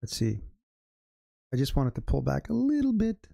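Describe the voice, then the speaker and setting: A man streams his trading day, thinking out loud and swearing to keep himself fired up. His voice is mellow and mid-pitched. It sits close and dry on the mic. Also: wildly swooping pitch, normal speed, vocal fry, no echo. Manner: loose, swearing, talks to himself and chat. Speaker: day trader livestreaming. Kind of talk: live trading commentary.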